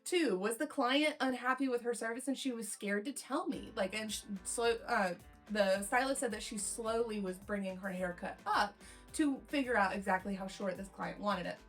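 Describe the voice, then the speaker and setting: A woman's voice: on the high side, normal speed, faint music behind. A young woman hairstylist telling a client story in a casual, rambling storytime way, acting out the quotes. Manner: rambling, chatty, acts out quotes in lively voices.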